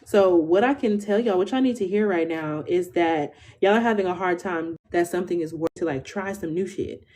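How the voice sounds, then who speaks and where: A little hiss or hum accompanies this brisk, dark-toned voice of a woman in her twenties, pitched fairly low. She reads tarot live in a casual, slangy style, constantly checking in with "okay?".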